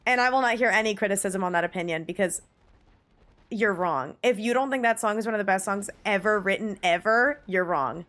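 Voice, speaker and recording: A woman's voice: mid-range voice, fast talker, hardly any pauses, fairly bright tone. A woman streaming live, chatting casually with viewers and gushing emphatically, with the odd swear. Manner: gushing, emphatic, swears, reads chat aloud. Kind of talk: casual livestream chat.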